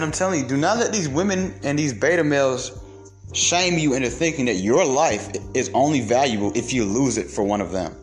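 Profane man in an animated monologue. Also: medium pitch. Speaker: show host. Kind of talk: casual monologue.

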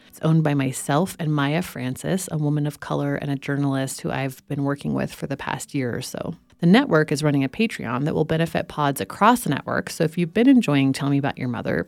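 A woman's voice: low-pitched, gravelly, darkish tone, no room sound. A woman in her thirties hosting a podcast, chatting casually and peppering her speech with "like". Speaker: podcast host. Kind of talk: casual conversational interview and outro.

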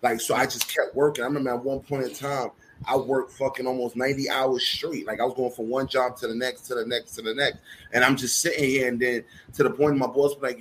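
A man's voice: mid-range voice, little pitch movement, a little fast, fairly bright tone, slight background noise, rough recording. Candid slangy man on a podcast. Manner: candid, slangy, swears freely. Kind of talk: casual chat.

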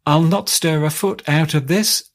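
A man's voice: fairly high pitch, measured pace, pitched above the performer's own voice. A man voicing the hag's sulky young son, whining and stubborn in a raised voice.

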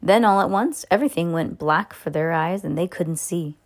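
A woman reads a children's book aloud in a lively way. She stumbles now and then and adds little comments of her own. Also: lowish voice, moderate pace. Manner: lively with small slips and asides. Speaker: storyteller.

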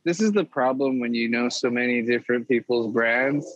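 A man's voice: medium pitch, moderate pace, no room sound, lo-fi sound. A young man from California, chatting casually as a podcast guest, telling stories animatedly and swearing as he acts out other people. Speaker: pin designer guest.

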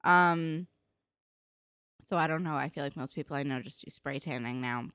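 On her podcast, a young New Jersey co-host goes over a TV episode in easy, rambling chat heavy with "like" and "um" and fast asides. Her voice is low-pitched, a bit bright and clean-toned, recorded at studio quality without any room sound.

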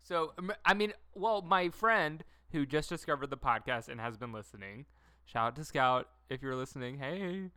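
A man's voice: medium pitch, lively intonation, normal speed, pushed and bright, clean tone, dry recording. A man in his twenties co-hosting a podcast, chatting casually, giggling and rambling. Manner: giggly, rambling, drops into silly put-on voices. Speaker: podcast co-host. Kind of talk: casual chat.

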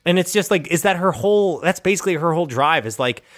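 Lively, foul-mouthed man at the game table. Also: on the high side, fast talker. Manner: animated, profane, laughs often. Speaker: player. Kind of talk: casual tabletop game chat.

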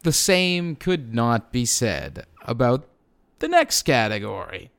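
Joking man with a lively voice. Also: mid-range voice, slow pace, gravelly. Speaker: podcast co-host. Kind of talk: comedy podcast banter.

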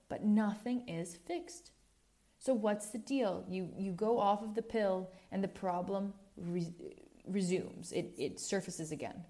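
A woman's voice: medium pitch, mellow. A woman hosting a podcast, talking in a candid, rambling way with frequent self-corrections and asides, a little preachy. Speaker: podcast host. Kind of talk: casual podcast monologue.

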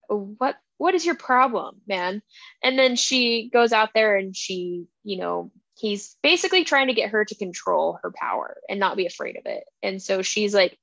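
Woman cohost chatting books, kinda high voice, acts out the scenes, dry close sound. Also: no room sound. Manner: animated retelling, quotes characters. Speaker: podcast co-host. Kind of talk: casual book chat.

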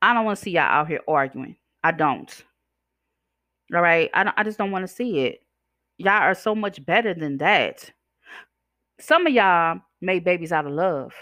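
A woman's voice: lowish voice, animated, normal speed, pushed and bright, dry recording, clean studio sound. A woman hosting a podcast, ranting bluntly and sassily while chewing gum, her words slightly slurred. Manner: blunt, sassy, preachy. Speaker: podcast host. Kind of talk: ranting monologue.

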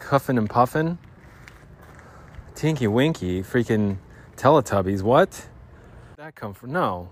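A man's voice: mid-range voice, slight background noise. A middle-aged man hosting a podcast in a rambling, casual monologue, full of slang and repeated filler words. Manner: rambling, slangy, keeps saying dude. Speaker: podcast host.

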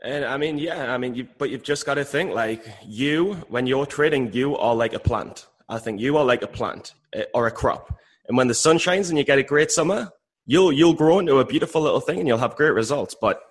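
A man co-hosting a podcast, chatting casually about trading in a rambling, jokey way and often repeating himself. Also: medium pitch. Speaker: podcast co-host.

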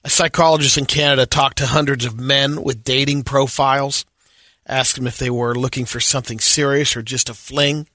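A man co-hosting a radio show who reads out trivia and news items in a steady tone. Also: mid-range voice, moderate pace, no room sound, clean studio sound. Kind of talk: casual radio chat.

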